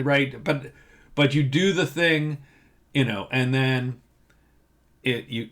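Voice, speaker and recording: A man talks through game master advice in a loose, unscripted monologue, often doubling back and restarting his sentences. His voice sits at an ordinary middle pitch, and he plays down his own skills with easy humor. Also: fairly bright tone. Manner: rambling, self-deprecating, frequent restarts.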